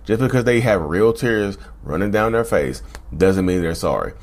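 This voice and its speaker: A man's voice: on the low side, expressive, normal speed. A man hosting his own channel, talking casually to viewers, repeating himself and calling them y'all. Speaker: channel host. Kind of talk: casual talk to camera.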